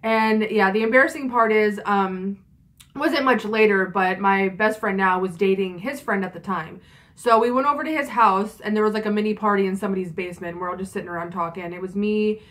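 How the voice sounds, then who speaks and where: A woman's voice: mid-range voice, a little fast, fairly bright tone. Chatty, foul-mouthed young woman vlogger. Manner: chatty and frank, swears often, many fillers. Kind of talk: casual storytelling vlog.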